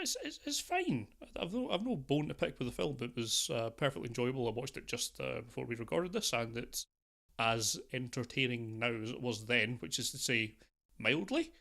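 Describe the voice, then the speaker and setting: A man's voice: mid-range voice, very animated, moderate pace, gravelly, sharp tone. Easygoing sardonic man. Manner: easygoing, mildly sardonic, rambling. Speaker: film podcast co-host. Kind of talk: casual film discussion.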